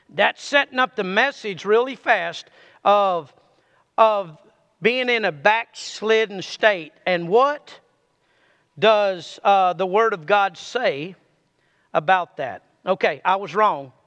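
Preacher guy, high clear bright voice, fired up, echoey church hall. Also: slow, long pauses. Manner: energetic preaching, leads congregation in call-and-response. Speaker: pastor. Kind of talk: sermon.

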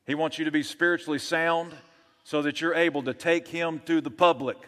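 A man's voice: fairly high pitch, steady tone, fairly quick, fairly bright tone. Rallying male preacher in a reverberant hall. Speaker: pastor. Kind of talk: sermon.

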